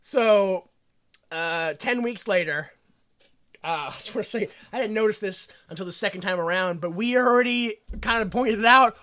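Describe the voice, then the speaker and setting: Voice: mid-range voice, moderate pace, sharp tone. A podcast co-host recapping a movie in casual comedic chat, rambling and profane, laughing often.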